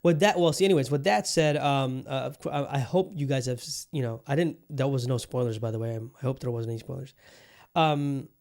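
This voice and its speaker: A male podcast host talking through a review in loose, unscripted chat. His voice sits at an ordinary middle pitch, and he keeps restarting sentences and piling up filler as he gushes. He peppers his praise with casual swearing. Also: a little fast, a little mellow. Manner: rambling, many restarts, enthusiastic, casual swearing.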